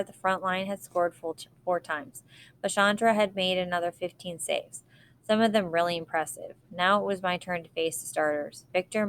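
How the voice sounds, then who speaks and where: A woman reading a novel aloud in a steady, even way. Her voice sits a little low, and a faint hiss runs beneath it. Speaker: reader.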